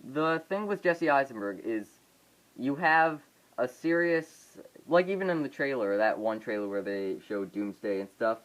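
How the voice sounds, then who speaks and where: A man giving a casual off-the-cuff review to his phone camera, rambling and halting, with many fillers and restarts. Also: mid-range voice, lively intonation, rough recording. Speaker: vlogger reviewing a film.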